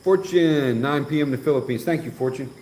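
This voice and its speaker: This livestream host has a medium-pitched, darkish voice and talks fairly quickly. He reads through comments and teases viewers in a relaxed, joking manner, with echo and faint noise behind him.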